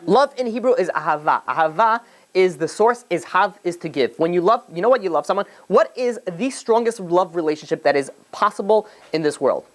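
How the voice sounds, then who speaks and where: A man, a rabbi, giving a conversational lecture to a live group, animated and jokey, with many fillers and restarts. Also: high-pitched, fairly quick. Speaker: rabbi teaching a class.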